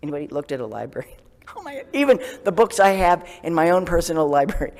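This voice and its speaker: A man speaks as a Zen priest in a relaxed, conversational sermon, poking fun at himself and laughing often. His voice sits a little high, and he sometimes sinks to a soft whisper. A long reverb trails his words through the hall. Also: fast. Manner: self-deprecating, laughs often, drops to a soft whisper for self-talk. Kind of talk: casual sermon.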